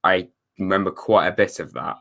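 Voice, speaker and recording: Young English man chatting casually, deep voice. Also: steady tone, moderate pace, creaky, fairly bright tone. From England. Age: young adult. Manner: rambling, self-correcting, wry sarcastic asides. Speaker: live stream host. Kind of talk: casual watchalong chat reading viewer comments.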